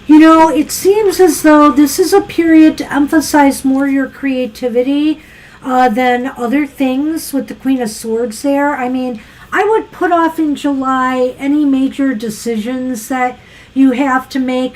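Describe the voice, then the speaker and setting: A woman's voice: high voice, unhurried, darkish tone, rough recording. A woman co-hosting a live tarot show, musing through a casual card reading with frequent fillers. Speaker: tarot reader co-host.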